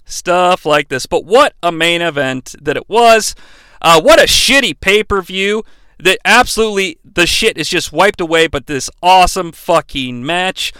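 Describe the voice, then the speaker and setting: A man's voice: sits high, expressive, unhurried, bright, forceful tone, clear, resonant tone, dry recording. A man hosting a podcast, recapping a wrestling match in a chatty, profane, enthusiastic way. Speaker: podcast host.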